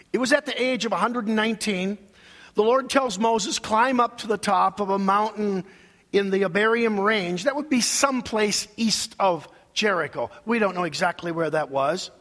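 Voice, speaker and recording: A man's voice: sits high, a bit bright, long reverb tail. A male pastor preaching a sermon, emphatic and preacherly, leading his congregation in call-and-response.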